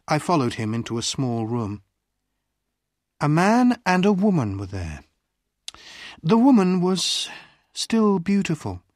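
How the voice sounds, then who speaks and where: An audiobook reader narrating a story slowly and carefully for English learners. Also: medium pitch, dry recording, clean studio sound. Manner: slow, careful, expressive reading.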